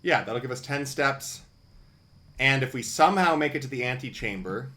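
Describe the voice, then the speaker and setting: A man streaming a video game live, chatting casually and thinking out loud with wry asides. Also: mid-range voice, lively intonation, normal speed.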